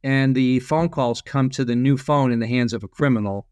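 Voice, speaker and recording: A man's voice: medium pitch, normal speed, a little mellow, clean tone, no echo, studio quality. A man as a podcast guest, explaining at length with frequent restarts. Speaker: guest, former FBI agent. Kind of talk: casual podcast interview.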